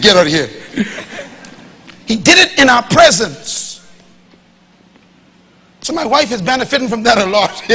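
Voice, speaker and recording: A man preaching a sermon to a congregation, swinging from loud to hushed and acting out quoted dialogue. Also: sits high, a little hiss or hum. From Bahamas. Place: church hall before a live congregation.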